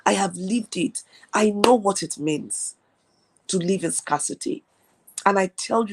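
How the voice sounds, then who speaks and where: A woman's voice: medium pitch, a little slow, breathy edge. A woman from Nigeria hosting a live stream, giving an earnest motivational talk and repeating key phrases for emphasis. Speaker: host.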